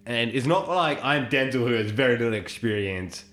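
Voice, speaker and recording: A man's voice: medium pitch, animated, normal speed, a bit bright. A young man co-hosting a podcast, teasing and arguing with his friends in casual banter. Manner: teasing, argumentative. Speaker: podcast co-host.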